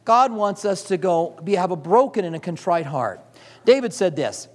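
A man's voice: sits high, lively intonation, normal speed. A middle-aged male pastor preaching a sermon, telling stories and acting out voices of the people in them. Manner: storytelling, acts out voices, laughs often. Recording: long reverb of a large hall.

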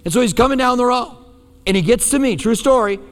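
A male pastor preaching a sermon, telling a personal story with lively, self-deprecating humor. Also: extremely high pitch, fast talker, clear, resonant tone, big-room sound.

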